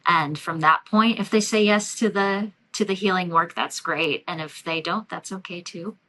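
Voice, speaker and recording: A woman energy healer talking in a relaxed podcast interview, reflective and loose, with many fillers and light laughs. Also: fairly low pitch, normal speed, rough recording. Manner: warm, reflective, frequent fillers and soft laughs. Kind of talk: casual interview talk.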